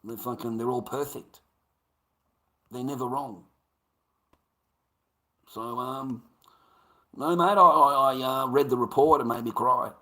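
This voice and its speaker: A man's voice: medium pitch, takes it slowly, long pauses, pushed and bright. A man on a live stream, ranting in a sweary, emphatic, repetitive way and calling listeners mate.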